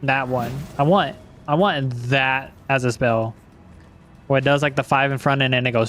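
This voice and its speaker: A man's voice: mid-range voice, normal speed, fairly bright tone, a little hiss or hum. A young man giving casual, rambling let's-play commentary as a gaming streamer, swearing freely and slipping into silly voices.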